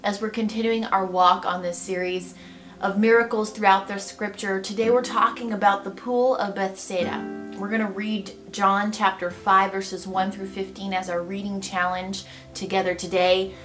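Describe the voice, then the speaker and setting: A woman giving a devotional Bible teaching in a reflective, gently expressive way. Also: medium pitch, normal speed. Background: soft guitar music.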